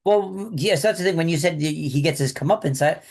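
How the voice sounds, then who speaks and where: A man with a slightly high voice joins a casual film chat. He stammers on his first words and thinks aloud, his sentences trailing off into hedges. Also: a little fast, darkish tone. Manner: hesitant, stammering, reflective.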